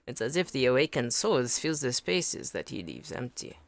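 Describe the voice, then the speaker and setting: A woman voicing a brisk female scholar who studies souls and reports in clinical terms. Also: a bass voice, big pitch swings, vocal fry, heavily acted.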